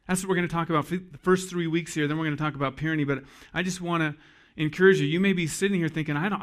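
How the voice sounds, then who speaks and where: A pastor in his forties from Iowa, with a mid-range voice, preaches to his congregation. His sermon takes an earnest storytelling approach, with pauses for emphasis.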